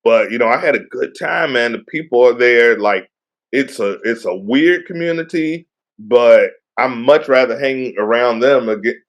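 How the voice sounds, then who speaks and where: A man's voice: medium pitch, measured pace, dull audio. A middle-aged man co-hosting a podcast, chatting in a laid-back, joking way and patiently explaining things. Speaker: podcast co-host. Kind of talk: casual chat.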